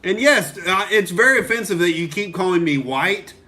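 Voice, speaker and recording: A man's voice: sits high, expressive, moderate pace, bright, forceful tone. A young male comedian from Oklahoma ranting on a live stream, heated and profane, reading out and answering viewer comments.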